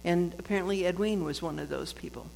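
A woman giving a reflective spiritual talk, conversational and quick to laugh, with frequent restarts. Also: on the low side, creaky, darkish tone. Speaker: speaker sharing a book's lessons on forgiveness. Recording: long hall reverb with faint noise.

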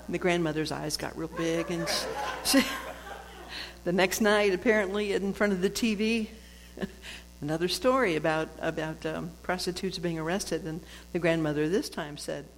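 A woman giving a reflective spiritual talk, conversational and quick to laugh, with frequent restarts. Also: on the low side. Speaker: speaker sharing a book's lessons on forgiveness. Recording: long hall reverb with faint noise.

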